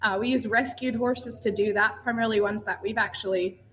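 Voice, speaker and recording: A woman guest on a podcast, telling her story in a casual, animated way with some laughs. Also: mid-range voice, a little fast, slight background noise. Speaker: podcast guest, ranch founder.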